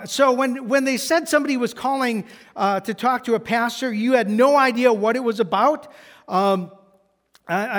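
A man's voice: high voice, fairly bright tone, in a large hall. A man preaching a sermon as a pastor, telling stories in a conversational, self-deprecating way.

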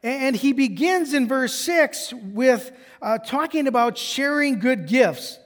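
Male pastor, very high voice, conversational self-deprecating sermon, long hall reverb. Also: animated, slow.

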